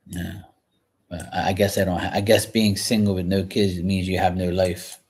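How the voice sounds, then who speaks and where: Guy with a lowish voice rambling frankly at the kitchen sink, keeps clearing his throat. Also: level tone, normal speed, darkish tone. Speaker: livestream host reading chat. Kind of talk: casual chat. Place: home kitchen, washing dishes.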